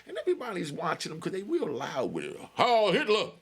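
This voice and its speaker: A man hosting his own show, casually telling a long prison story in an animated, digressive way and laughing often. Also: on the high side, quick pace, husky.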